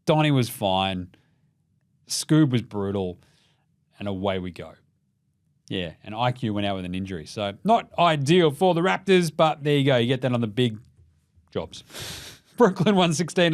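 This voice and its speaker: A young Australian man rattles through the night's basketball scores in a loose, profane chat. He jokes a lot, slips into mock voices, and his pitch sits in the ordinary middle for a man. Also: moderate pace, pauses often. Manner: sweary, animated, jokey with mock voices. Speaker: basketball podcast host. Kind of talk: casual sports recap.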